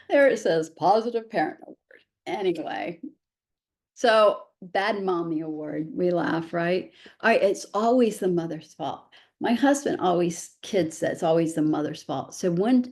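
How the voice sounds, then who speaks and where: A woman's voice: medium pitch, warm tone. A middle-aged woman giving a chatty presentation to parents, with frequent "right?" asides and self-deprecating humor. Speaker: presenter and parent of a child with special needs.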